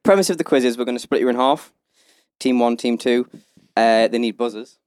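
A man hosting a casual podcast, easygoing and loose in his talk. His voice comes through smooth and resonant, recorded dry and close. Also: mid-range voice, a little fast, a little mellow, no echo. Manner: laid-back, swears casually. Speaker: podcast host. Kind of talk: casual chat.

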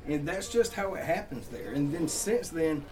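A young man with a Georgia Southern accent spins loose, laughing stories about the music scene, swearing freely in casual podcast chat. His voice sits a little high for a man. He sounds set back from the microphone, a touch distant. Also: animated, normal speed, darkish tone. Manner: rambling, laughing storyteller with cursing. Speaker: country songwriter and musician.

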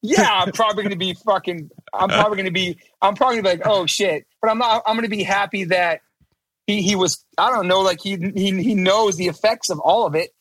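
A man's voice: high voice, fairly even intonation, a little fast, fairly bright tone, dry recording. A middle-aged man talking as a podcast guest in casual chat, emphatic, profane and rambling, restarting his sentences.

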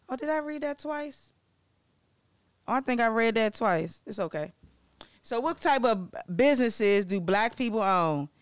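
A young woman from Maryland hosting a casual educational vlog, excitable and joking, often digressing and swearing as she talks. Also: on the high side, clear, resonant tone, dry recording, clean studio sound. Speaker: vlogger presenting facts on Black-owned businesses.

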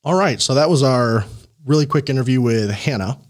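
A man hosting a podcast, coaching a guest in a casual, animated way, laughing and acting out the people he quotes. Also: medium pitch, moderate pace. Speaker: podcast host and career coach.

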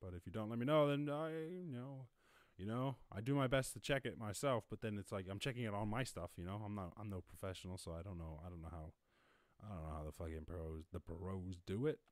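A man's voice: on the low side, a little fast, no room sound. A man hosting his own live stream from home, freestyling loose, profane, rambling rhymes and then signing off in a casual, self-mocking way. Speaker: podcast host. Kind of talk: freestyle rap over a beat, then casual sign-off. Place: home during lockdown. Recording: loud music bed behind the voice. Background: loud instrumental beat.

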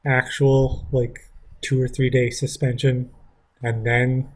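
Husky man telling a rambling school story. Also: medium pitch, little pitch movement, takes it slowly. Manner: rambling, frequent fillers and restarts, swears. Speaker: vlogger. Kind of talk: casual storytelling.

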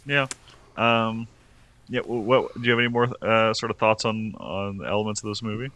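A man's voice: on the low side, fairly even intonation, normal speed, pushed and bright. A young man co-hosting a casual film review podcast, rambling and restarting his sentences often. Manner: rambling, restarts often, laughs between points. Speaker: podcast co-host.

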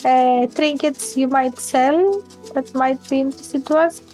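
A woman playing her character in a tabletop game, talking slowly and searching for words. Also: high voice, fairly even intonation, dark tone, soft background music. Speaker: player.

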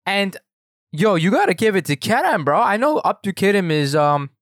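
A man's voice: sits high, big pitch swings, moderate pace, fairly bright tone, dry recording, clean studio sound. A man co-hosting a casual football podcast, talking in a slangy, laid-back way as he reasons aloud. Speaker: podcast co-host. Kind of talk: casual sports podcast chat.

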